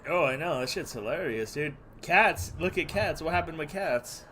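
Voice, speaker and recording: A man's voice: on the high side, expressive, normal speed, bright, forceful tone, slight background noise. Brash man ranting, dude-and-bro every line. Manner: profane, rambling, peppers every phrase with "dude" and "bro"; mocking and scornful. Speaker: gaming streamer. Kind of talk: casual live-stream rant.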